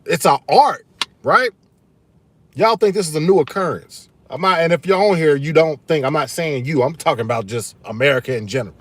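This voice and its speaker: A man with a slightly high voice talks a little fast while hosting his own live stream. Fired-up and casual, he speaks emphatically to his viewers, calls them y'all, and keeps repeating key phrases.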